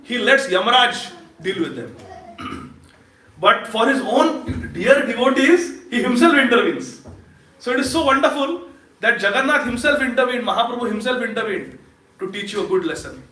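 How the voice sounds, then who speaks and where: A man giving a lively storytelling sermon at a temple feast, laughing often and quizzing his audience. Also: extremely high pitch, normal speed. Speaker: speaker at a temple Sunday feast. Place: temple hall. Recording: echoey hall, distant mic.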